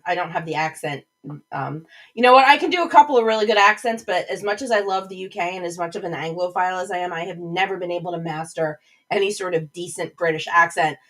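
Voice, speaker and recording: A woman's voice: medium pitch, low-quality recording. A woman hosting a casual livestream, chatting and rambling between topics and greeting viewers by name. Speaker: livestream host.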